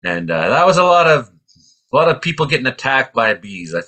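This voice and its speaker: A man in casual chat, telling an animated story and acting out quoted voices with high yelps. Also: brisk.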